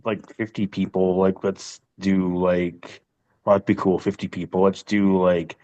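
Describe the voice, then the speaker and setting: Very deep-voiced rambling man, lo-fi. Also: flat delivery, unhurried, a little mellow. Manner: loose and rambling, full of "like". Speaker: podcast co-host. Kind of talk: casual chat. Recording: dull lo-fi sound.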